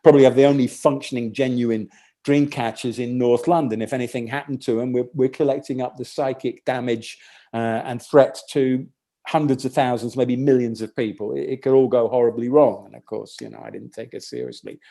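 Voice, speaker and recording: A man doing a rambling stand-up set, telling a long story in a halting, deadpan way full of restarts. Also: mid-range voice, creaky. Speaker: stand-up comedian.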